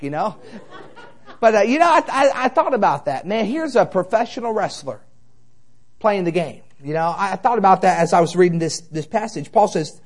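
High-voiced storytelling preacher man. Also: lively intonation, brisk, darkish tone. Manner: storytelling, conversational, jokey then exhorting. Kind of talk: sermon.

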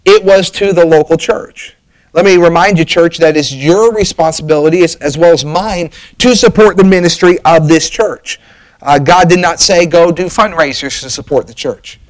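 A middle-aged man preaches from the pulpit in a folksy, storytelling way, slipping in fillers and restarting his sentences. His voice sits a bit on the high side. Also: moderate pace, poor audio. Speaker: pastor. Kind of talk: sermon.

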